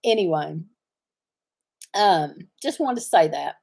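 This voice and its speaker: A middle-aged woman with a drawl talks casually to her livestream viewers from the farm. Her speech rambles from thought to thought, with frequent pauses while she searches for a word. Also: on the low side, lively intonation, creaky, darkish tone. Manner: rambling, often searching for words. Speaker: farm channel host.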